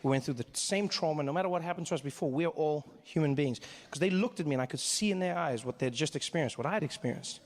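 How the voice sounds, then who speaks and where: High-voiced stand-up comedian telling a story. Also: male voice, fast talker, few pauses. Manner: animated, acts out scenes.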